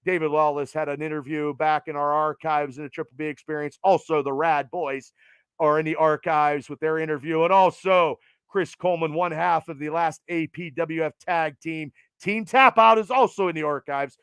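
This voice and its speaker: A man's voice: a little high, fairly even intonation, normal speed, fairly bright tone, smooth, dry recording. A man hosting a podcast, rattling off event plugs in an announcer cadence and swearing casually. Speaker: podcast host.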